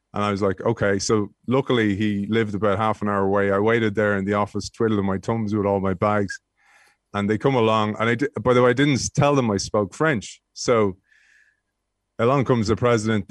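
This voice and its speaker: Man telling stories, low dry voice. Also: no echo. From Ireland. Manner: animated storyteller with frequent restarts. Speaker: guest, former rugby player. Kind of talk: anecdotal interview storytelling.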